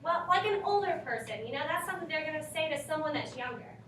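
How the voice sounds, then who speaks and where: A woman's voice: high voice, lively intonation, fast, noisy background. A woman teaching a class, reading and questioning her students, prompting them for answers. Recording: echoey classroom from far off.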